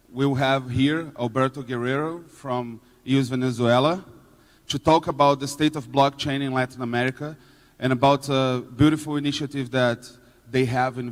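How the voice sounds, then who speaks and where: Guy introducing the next speaker, lots of uhs, mid voice, long hall echo. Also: mid-range voice. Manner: hesitant, with fillers. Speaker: conference host. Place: conference hall. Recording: echoey conference hall.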